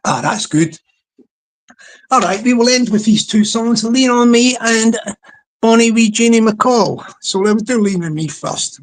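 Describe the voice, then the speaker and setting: Slow, rambling live-streamer. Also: mid-range voice. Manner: rambling, chatty, restarts a lot. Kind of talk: casual chat to a small online audience.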